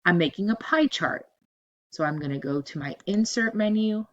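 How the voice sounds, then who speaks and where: A woman teaching a spreadsheet lesson over a screen recording, giving steady step-by-step instructions and repeating cell ranges as she goes. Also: mid-range voice, moderate pace, lo-fi sound. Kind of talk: screen-recorded software tutorial.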